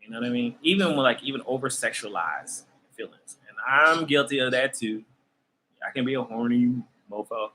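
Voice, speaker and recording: A man's voice: mid-range voice, moderate pace, sharp tone, rough recording. A man hosting a tarot channel who talks to his viewers in a loose, conversational spiritual rant, often laughing. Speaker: tarot reader and channel host.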